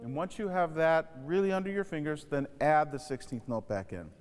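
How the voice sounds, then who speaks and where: Saxophone teacher in a reverberant room. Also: male voice, a little high, sing-song, a little fast, soft background music. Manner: sings rhythms aloud to demonstrate; earnest, advising. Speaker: saxophone instructor. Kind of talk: music lesson tutorial.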